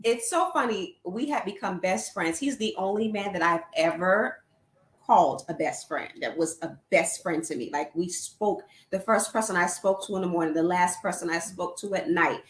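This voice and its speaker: A woman guest on a relationship show, telling a personal story in a lively way, laughing often and acting out what people said. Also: fairly low pitch, normal speed, roomy sound. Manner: animated, laughs often, acts out quoted voices.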